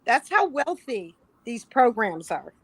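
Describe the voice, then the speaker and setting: A woman guest advocate telling stories in relaxed, casual chat. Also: fairly high pitch, slow pace, slightly rough, no room sound.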